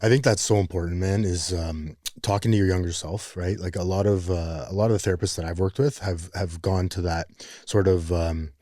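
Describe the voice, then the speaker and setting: A man's voice: low-pitched, steady tone, brisk, few pauses, dark tone, dry recording, clean studio sound. A man hosting a recovery podcast, musing thoughtfully and checking in with "right?" as he talks. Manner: thoughtful, rambling, peppered with "right?". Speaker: podcast host. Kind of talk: conversational interview.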